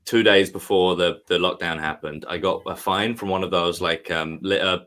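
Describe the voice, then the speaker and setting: Deep-voiced man rambling. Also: steady tone, moderate pace, fairly bright tone. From United Kingdom. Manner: rambling, profane, lots of fillers. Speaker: podcast co-host, comedian. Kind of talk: casual chat, storytelling.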